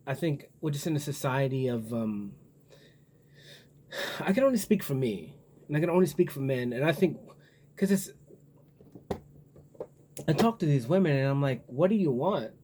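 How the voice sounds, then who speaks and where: A man with a husky, slightly breathy voice delivers a loose, rambling monologue. His pitch sits in an ordinary middle range, and his talk is blunt, profane and musing. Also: a little mellow. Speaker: vlogger.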